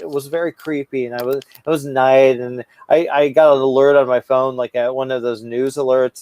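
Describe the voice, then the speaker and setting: A man's voice: mid-range voice, a little mellow, dry recording. A man co-hosting a casual podcast chat, rambling and swearing a lot, stoned and stumbling over his words. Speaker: podcast co-host.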